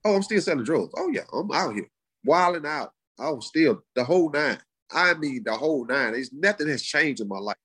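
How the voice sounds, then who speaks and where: A middle-aged man, telling his life story in a casual, animated way. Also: brisk, breathy edge. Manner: animated, acts out quoted voices in high pitch. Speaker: guest sharing his testimony. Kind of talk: conversational storytelling.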